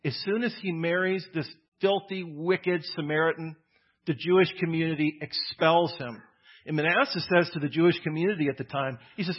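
A man's voice: fairly high pitch, normal speed, husky, lo-fi sound. A man preaching a conversational, emphatic sermon, often repeating words as he builds a point. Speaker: pastor.

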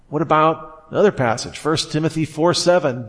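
A man preaching a sermon in a conversational way, rising sharply in pitch for emphasis and mock surprise. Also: moderate pace, few pauses. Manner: conversational preaching with fillers and quoted dialogue. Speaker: pastor.

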